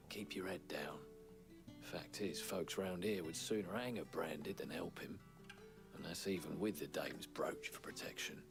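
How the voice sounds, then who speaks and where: An actor playing a gruff informant who speaks in a dry, wry tone. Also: male voice, sits low, heavily acted. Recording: game audio with music. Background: game music.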